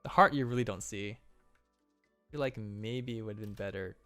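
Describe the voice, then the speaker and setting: A man's voice: fairly low pitch, normal speed, sharp tone, dry recording, faint music behind. A man casually breaking down animation on a stream, enthusiastic with playful exclamations.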